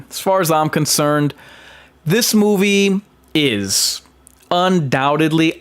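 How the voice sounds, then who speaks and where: A man's voice: fairly high pitch, fairly bright tone. A man giving casual film commentary, emphatic, with frequent fillers and restarts. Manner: emphatic, with many ums and restarts.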